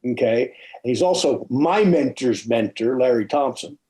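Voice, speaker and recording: Animated storytelling male podcast host. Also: mid-range voice, a little slow, rough recording. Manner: animated, checks in with "okay?" and "right?". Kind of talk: casual storytelling interview.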